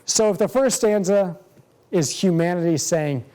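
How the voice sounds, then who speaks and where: An earnest male pastor delivering Bible teaching in a mellow, warm voice. He speaks in a measured way and slows down to stress key words. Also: a little high. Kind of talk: sermon-style Bible teaching.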